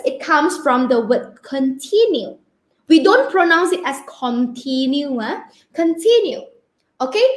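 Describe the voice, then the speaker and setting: Woman, primary teacher, high voice, unhurried, patient drilling, roomy echo. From Malaysia. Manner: slow, patient, spells words out letter by letter; peppers speech with "okay?" checks. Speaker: primary school English teacher. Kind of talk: online grammar lesson. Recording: echoey room.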